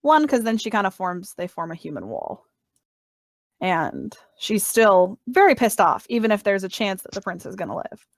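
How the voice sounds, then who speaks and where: A woman at a tabletop game talks bluntly and casually, tossing off mild swears between laughs. Her voice sits at a middle pitch. The sound is dry and close. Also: sing-song, moderate pace, no room sound. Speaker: player.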